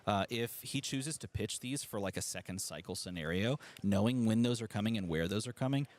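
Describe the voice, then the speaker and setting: A man with a low-pitched voice gives live commentary on a card game match. He breaks down plays in a chatty, analytical way, speaks straight to the stream chat and laughs easily at himself. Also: animated, a little fast, darkish tone.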